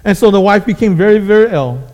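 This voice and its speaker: A man's voice: high voice, animated, quick pace, a little mellow. A man preaching a sermon, telling a fable with emphatic, repetitive phrasing. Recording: echoey hall.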